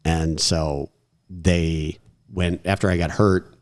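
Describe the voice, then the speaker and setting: A man in a podcast interview, telling animated anecdotes with laughs and quoted voices. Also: sits low, slow. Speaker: podcast guest. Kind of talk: casual storytelling.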